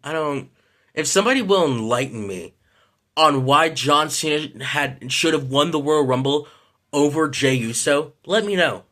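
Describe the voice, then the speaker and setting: A man's voice: on the high side, unhurried, a bit bright. A man ranting in a casual vlog, frustrated and rambling, swearing often and apologizing for it. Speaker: vlogger.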